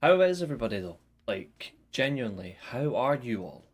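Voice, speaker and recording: Man, livestream host, casual joking chat, mid-pitched voice, faint music behind. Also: big pitch swings, brisk. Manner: joking, chatty, greets chat by name. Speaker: host of a wrestling review livestream. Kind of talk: casual live chat to viewers.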